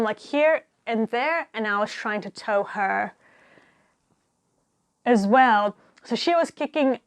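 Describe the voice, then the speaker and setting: A young woman tells a diving story in a bright, lively voice, pitched a little high. She talks casually and animatedly, laughs often and acts out what people said. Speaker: diver telling stories.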